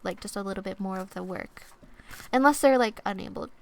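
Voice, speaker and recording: A young woman streamer giving oracle card readings in soft-spoken ASMR chat, casual and rambling with lots of fillers and playful asides. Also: mid-range voice, a little fast, gravelly. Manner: playful, silly wordplay.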